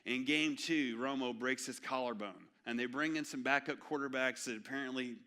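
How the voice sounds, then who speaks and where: A man, preaching an animated, joking sermon in a church. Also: medium pitch, normal speed. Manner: storytelling, animated and jokey. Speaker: pastor. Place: church sanctuary.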